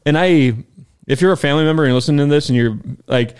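Halting man in casual podcast chat. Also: a little high, darkish tone, smooth. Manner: halting, many filler likes. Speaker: podcast co-host.

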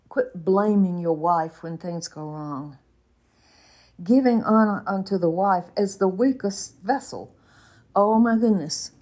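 A woman's voice: medium pitch, darkish tone. A woman in her eighties teaching a Bible lesson in an earnest, folksy way, with exclamations and stern warnings. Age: 80s.

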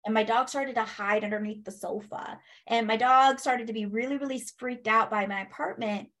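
A woman telling a personal story in a casual interview, animated, acting out what people said and laughing as she goes. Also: on the high side, normal speed. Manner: animated, acts out quoted speech, laughs, swears. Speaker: guest.

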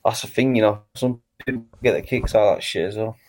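A man chatting with strangers on a video call, amused and quick with comebacks. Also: fairly low pitch, a little mellow. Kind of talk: casual chat.

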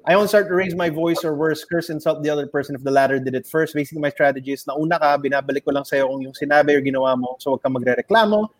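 A man's voice: a little high, rapid-fire, hardly any pauses. A man with a Filipino accent, co-hosting a casual chat and animatedly acting out the heated lines of his stories. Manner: animated storyteller, acts out heated quotes loudly. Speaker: podcast co-host.

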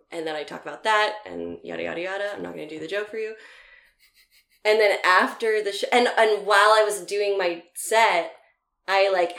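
A comedian in her thirties tells stories in casual conversation, animatedly acting out the quotes. Her voice sits fairly low, and the recording has a roomy sound.

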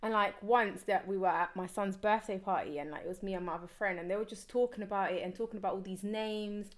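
A woman's voice: medium pitch, fast. A woman hosting a podcast, chatting casually with many fillers. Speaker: podcast host. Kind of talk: casual chat.

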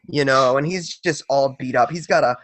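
A man's voice: medium pitch, moderate pace, a bit bright, no room sound. A man narrating as game master for a tabletop game, casual and rambling with lots of fillers.

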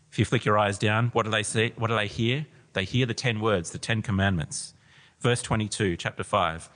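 A man with a low voice preaches in a church hall, and long reverb trails after his words. He reads scripture with swelling emphasis, then settles into plain explanation for his congregation. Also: steady tone, normal speed, a bit bright. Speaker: pastor. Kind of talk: sermon with scripture reading.

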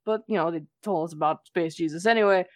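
A woman's voice: on the low side, fast, dry recording, clean studio sound. A woman playing a tabletop game, blunt and joking as she speaks in character. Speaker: player.

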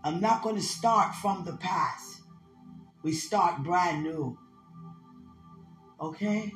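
Ecstatic slow prayer in a roomy echo. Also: mid-range voice. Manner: emotional, laughing, swings from loud cries to hushed whispers. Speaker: person praying aloud. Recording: roomy echo with soft music.

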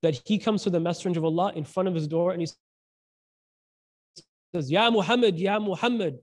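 A man with a high voice preaches in a loose, conversational way. He leans on "like" as a filler and acts out the quotes as he tells each story. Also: fairly quick. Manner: slangy, animated, acts out quotes, frequent "like". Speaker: Islamic preacher. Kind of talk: casual sermon with storytelling.

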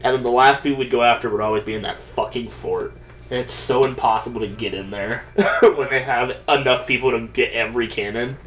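A young man chatting casually on a podcast, telling animated stories, swearing and laughing often. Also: medium pitch, brisk, distant mic, slight background noise. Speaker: podcast co-host. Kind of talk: casual chat.

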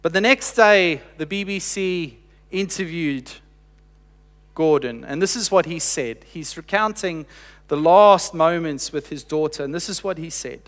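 A man preaching a sermon, telling a story earnestly with slow, emphatic pauses and dropping quiet for quoted lines. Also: a little high. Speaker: pastor. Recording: long reverb of a large hall.

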